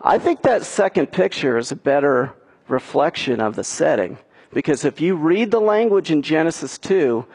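A man's voice: fairly high pitch, big pitch swings, a little slow, gravelly, a little mellow, husky. A man preaching a sermon as a pastor, earnest and pushing his points with emphatic questions.

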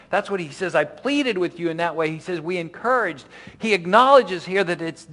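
A man's voice: high-pitched, a bit bright. A middle-aged man preaching a sermon as pastor, in a loose conversational way with frequent restarts and asides.

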